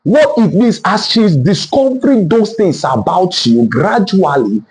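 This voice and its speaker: A man's voice: high voice, sing-song, unhurried, darkish tone, rough recording. A man giving relationship advice in an emphatic, repetitive lecturing manner. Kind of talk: motivational relationship talk.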